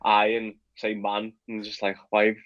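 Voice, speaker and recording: A man's voice: fairly low pitch, monotone, moderate pace, highs cut off. A young man from Liverpool with a Liverpool accent, chatting casually in an interview as a football player, laughing often and repeating words. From England, Liverpool.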